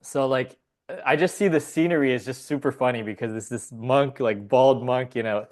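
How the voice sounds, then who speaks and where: A man appearing as a podcast guest spins a meandering story, laughing often and swearing casually. His voice is mid-pitched and a little mellow, and he talks easily at a slightly quick pace.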